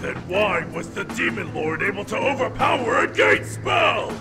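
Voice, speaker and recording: A woman's voice: mid-range voice, lively intonation, music in the background, close to an everyday voice. A woman voicing a proud, scornful male demon with disdainful delivery while reading a game aloud. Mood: indignant. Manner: drawn-out, disdainful.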